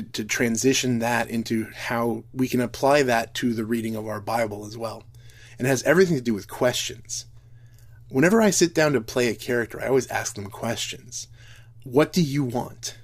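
A man giving an earnest, reflective talk to an audience, often restarting his sentences. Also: mid-range voice. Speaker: speaker.

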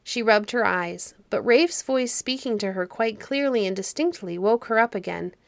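A woman narrating a children's fairy story audiobook in a calm, measured way. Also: medium pitch, vocal fry, no room sound.

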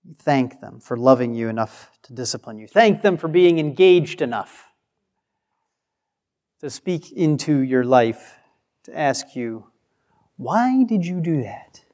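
Slow-preaching man in a reverberant hall. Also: mid-range voice, animated, a little mellow. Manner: emphatic, acts out quoted replies. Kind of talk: sermon.

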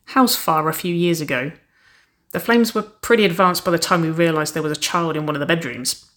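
A woman's voice: deep voice, brisk, fairly bright tone. A woman doing a cheeky firefighter woman. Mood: playful. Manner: cheeky, joking, grinning. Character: teasing playful young woman firefighter.

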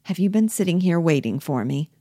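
A woman's voice: fairly low pitch, expressive, fairly quick, mellow, no echo, studio quality. Woman reading as an anxious young wife. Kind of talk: reading a play aloud.

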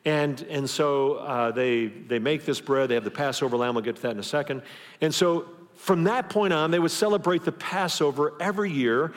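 A man's voice: a little high, normal speed. A pastor giving a conversational sermon, often restarting his phrases as he works through the passage. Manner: conversational preaching with frequent restarts. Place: church auditorium. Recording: long church hall reverb.

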